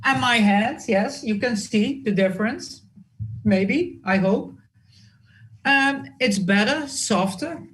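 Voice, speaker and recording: A woman's voice: on the high side, slow pace. A woman chatting on a video call, speaking hesitantly and laughing easily. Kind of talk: casual chat.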